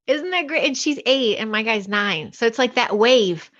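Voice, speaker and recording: Higher-voiced woman guest on a muffled line. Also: normal speed. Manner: warm, laughs easily, lively when quoting. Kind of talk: casual conversation.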